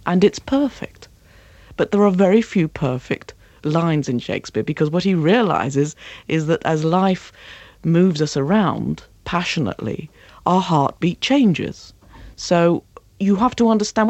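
A woman acting and voice coach, talking passionately as an interview guest and slipping into slow, dramatic readings of verse. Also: lowish voice, darkish tone, no room sound.

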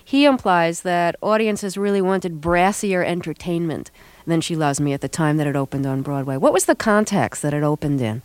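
A woman's voice: lowish voice, normal speed, darkish tone, no room sound. A woman hosting a radio interview, asking curious, probing questions. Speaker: radio host. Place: radio studio. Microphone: studio mic.

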